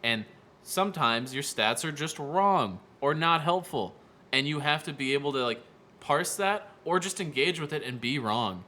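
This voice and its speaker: A man's voice: on the high side, expressive, moderate pace, bright, forceful tone. A man co-hosting a casual podcast chat, talking eagerly and leaning on filler words. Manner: enthusiastic, many "like" fillers. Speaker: podcast co-host.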